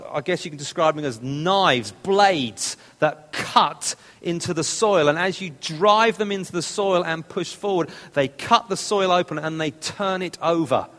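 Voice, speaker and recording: Male preacher, explanatory and repetitive for emphasis, slightly high voice, hall reverb. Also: fairly bright tone. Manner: expository, repeats phrases for emphasis. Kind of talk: sermon.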